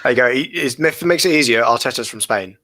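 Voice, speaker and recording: A man's voice: medium pitch, lively intonation, quick pace, crowd noise. A man from northern England on a football podcast, teasing the others in a dry way. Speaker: podcast co-host. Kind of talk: casual podcast chat.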